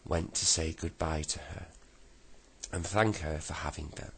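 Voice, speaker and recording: A man reading a children's bedtime story aloud as its narrator, at a slow and gentle pace. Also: extremely low pitch, steady tone, gravelly, husky.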